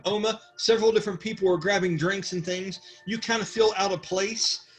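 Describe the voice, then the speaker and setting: A man's voice: high-pitched, steady tone, a little fast. Man running a tabletop game. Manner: sarcastic character voices woven into narration. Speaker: game master. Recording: faint music behind.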